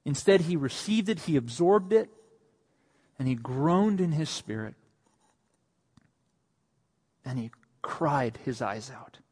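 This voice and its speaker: A male pastor preaching a sermon. His voice swells to emphatic peaks on quoted lines and sinks soft and low when he speaks of his own need. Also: expressive, unhurried, husky, big-room sound. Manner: rises to emphatic, raised delivery on quoted lines, then drops soft and low.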